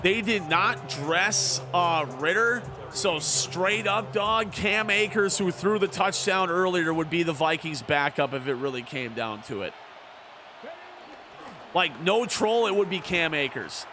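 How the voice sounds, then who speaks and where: A man streaming a video game and commentating it like a sports broadcaster, sometimes in a slow announcer voice and sometimes as casual chat, repeating phrases for emphasis. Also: high voice, music in the background. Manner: switches between a slow, drawn-out announcer voice and quick casual chat. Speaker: gaming streamer.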